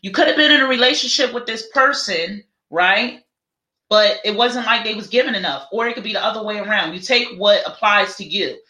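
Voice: medium pitch, a little fast, sharp tone. A tarot reader doing a live reading, talking in a chatty, dramatic way and calling viewers honey and child. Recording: roomy echo.

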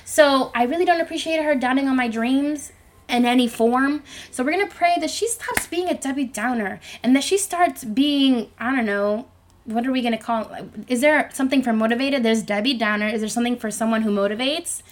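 Young woman with a high, girlish voice. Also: fairly quick. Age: 20s. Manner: rambling, self-conscious, chatty with frequent fillers. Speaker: podcast host. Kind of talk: solo podcast monologue, casual chat. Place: home bedroom. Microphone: microphone.

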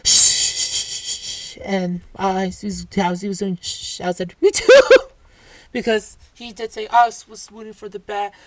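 Animated woman ranting in a dry room. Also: medium pitch, normal speed, dry recording. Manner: animated, swearing, restarts and asides. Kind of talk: casual storytime rant.

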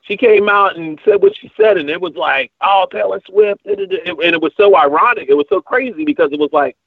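A man's voice: sits high, very animated, fast talker, vocal fry, slightly rough, dry recording. A man co-hosting a podcast, chatting casually in a rambling way with many fillers and restarts. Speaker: podcast co-host. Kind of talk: casual chat. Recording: tinny phone-like line, dry.

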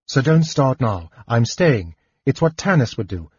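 A man's voice: mid-range voice, big pitch swings, unhurried, a little mellow, slightly rough, dry recording, muffled recording, heavily acted. Determined young woman warrior, as a man reads her. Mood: earnest.

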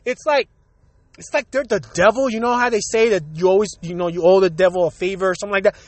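A man with a strikingly high voice goes on a profane, heated solo rant as host of his own show. He is still getting over a cold and coughs now and then. The sound is dry and close, with no room around it. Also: quick pace, no room sound. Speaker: podcast host.

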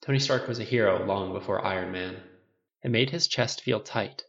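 A man reads a fan fiction story aloud in a plain, steady way. His voice has a gravelly fry to it. The recording sounds dull and lo-fi. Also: on the low side, moderate pace. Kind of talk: audiobook narration.

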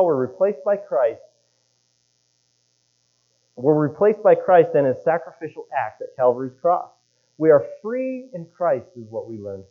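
A male pastor giving a casual, conversational sermon and wandering into rambling stories with asides. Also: mid-range voice. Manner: chatty, rambling storyteller with asides. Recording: tinny phone-like sound.

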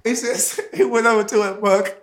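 A young guy chats casually, spinning a long, rambling story packed with slang, swearing, and filler words, and he laughs loudly at the funny bits. His voice is extremely high, his tone steady, his speed normal.

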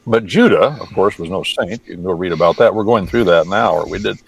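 A man's voice: deep voice, expressive, brisk, creaky, slight background noise, poor audio. A man who translates the Bible, talking casually on the radio and teaching with folksy, wry asides.

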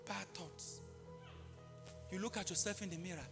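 A man preaching a live sermon in an impassioned way, repeating key phrases and bursting into shouts. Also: high voice, moderate pace, vocal fry. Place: large church hall. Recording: live hall reverb with faint music.

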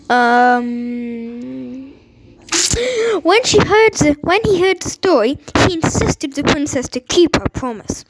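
A woman's voice: sits high, low-quality recording. A woman reading a fairy tale aloud, with an unpolished delivery full of slips and restarts. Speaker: storyteller.

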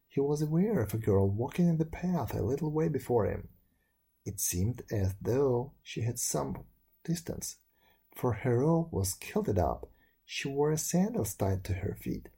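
A man reading a folk tale aloud in a slow, measured, hushed storytelling voice. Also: medium pitch, vocal fry, husky. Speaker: narrator.

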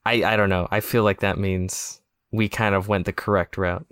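A man's voice: low-pitched, fairly even intonation, normal speed, fairly bright tone, dry recording, clean studio sound. A man from the United States co-hosting a podcast, joking and swearing freely. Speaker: podcast co-host. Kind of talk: casual chat.

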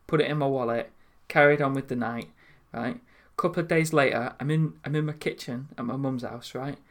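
A young man tells rambling stories, laughing as he goes. His voice sits in a middle pitch and keeps an easy, chatty manner. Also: brisk, vocal fry. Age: young adult. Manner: storytelling, laughing, lively. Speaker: podcast co-host. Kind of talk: casual chat.

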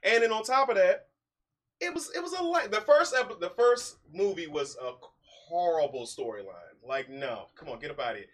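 A man's voice: high voice, normal speed. Guy hosting a podcast, bouncy up and down voice, jokey, laughs a lot. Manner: animated, laughs often, teasing. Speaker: podcast host. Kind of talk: casual chat.

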